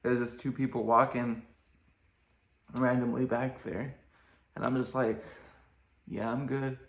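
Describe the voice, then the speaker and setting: A man's voice: mid-range voice, little pitch movement, a little slow. A young man casually telling a rambling story as a vlogger, with lots of fillers. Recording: echoey room.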